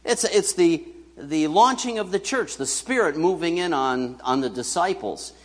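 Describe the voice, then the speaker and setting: A man's voice: a little high, expressive, measured pace. A man preaching a sermon as pastor, chatty and joking, putting questions to the congregation. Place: church hall. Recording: church hall reverb.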